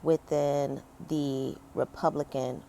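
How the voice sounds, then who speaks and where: A woman's voice: low voice, level tone, slow, vocal fry, mellow. A woman in her thirties giving a casual opinion rant as a vlogger, chatty and emphatic, full of fillers. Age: 30s. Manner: conversational, lots of fillers, emphatic complaints. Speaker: commentary vlogger.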